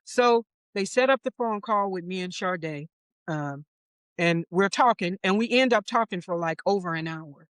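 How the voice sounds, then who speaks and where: Middle-aged woman telling lively anecdotes. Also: fairly low pitch, normal speed, no echo. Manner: lively anecdotes, acts out quoted voices; laughs easily. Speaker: interview guest, wardrobe supervisor. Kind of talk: casual storytelling interview.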